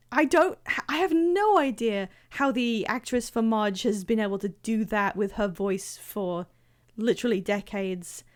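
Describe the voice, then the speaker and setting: A woman streaming a game live, chatting casually with viewers, laughing often and poking fun at herself. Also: fairly high pitch. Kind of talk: casual livestream chat.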